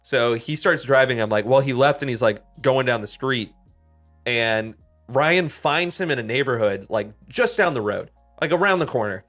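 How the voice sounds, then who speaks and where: Podcast dude telling a wild story, swears a ton, says like constantly, mid-pitched voice. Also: male voice, moderate pace, faint music behind. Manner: animated, swears a lot, heavy use of "like". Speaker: podcast co-host. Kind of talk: casual storytelling chat.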